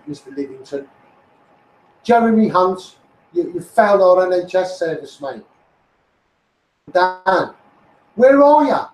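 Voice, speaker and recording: A man's voice: high voice, darkish tone, slight background noise. A middle-aged man with a Liverpool accent, delivering a blunt, sweary, heated political rant as a street campaigner. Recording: roomy echoey sound.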